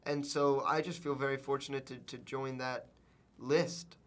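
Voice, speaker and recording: A man's voice: mid-range voice, flat delivery, normal speed, a bit bright. A young male actor in an interview, speaking eagerly about his big break.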